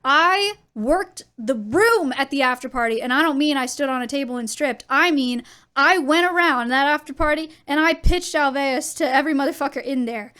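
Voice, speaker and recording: A young woman with a high, bright-pitched voice, chatting casually to her stream audience. She tells animated stories, acts out both sides of conversations, and often breaks into laughter. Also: normal speed. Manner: animated storytelling with laughs and quoted dialogue.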